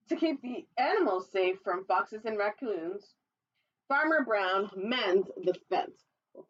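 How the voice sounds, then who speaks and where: A woman children's librarian reading a picture book aloud for storytime, with playful, chatty asides to young listeners and squeaky animal calls. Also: a bit bright, highs cut off.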